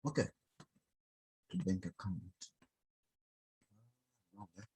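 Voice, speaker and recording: Brief: non-native English-speaking man, low husky voice, casual halting screen-tutorial narration. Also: animated, darkish tone. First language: not English. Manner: halting, chatty, addresses viewers as guys. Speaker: online money vlogger. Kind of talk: screen-recording tutorial walkthrough.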